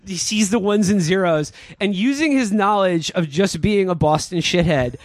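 A man tells a movie plot as a sarcastic, rambling comedy recap. His voice sits a little high, and the sound is dry and close. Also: lively intonation, moderate pace, no room sound. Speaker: podcast host.

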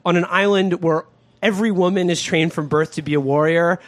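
A man's voice: sits high, fairly even intonation, fairly quick, dry recording. A man hosting a casual comedic discussion, recapping a film in a rambling way with mocking asides. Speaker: podcast host.

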